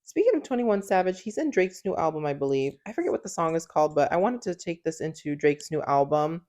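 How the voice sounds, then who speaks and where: Chatty young woman, lowish voice. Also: big pitch swings, fast, darkish tone. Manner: chatty, giggly, lots of fillers and "like". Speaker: podcast co-host. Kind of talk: casual chat.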